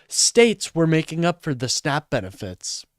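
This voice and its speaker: A man's voice: a little high, sing-song, measured pace, dry recording, studio quality. A man live streaming commentary, ranting and swearing in exasperation.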